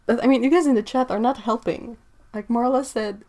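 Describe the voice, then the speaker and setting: A woman's voice: on the high side, fairly quick, mellow. A woman hosting an art livestream from a home studio, chatting casually and apologetically while she paints, often breaking into giggles.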